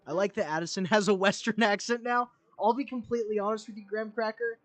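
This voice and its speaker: A man's voice: sits high, fairly even intonation, quick pace, few pauses, fairly bright tone, soft background music. A young man streaming a game, talking in casual commentary, rambling and candid, with frequent fillers and the odd curse.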